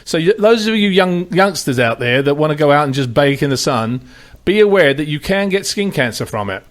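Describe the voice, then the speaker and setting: A man's voice: on the high side, lively intonation, fairly quick. A man hosting a radio talk show in a studio, chatting casually, laughing often and restarting his sentences.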